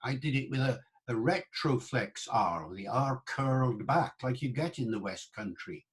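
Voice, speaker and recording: A man's voice: mid-range voice, expressive, measured pace. A man lecturing on the English language in an online talk, explaining in a conversational way and sounding out old pronunciations. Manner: explanatory and conversational, with asides to the listener; demonstrates old pronunciations aloud.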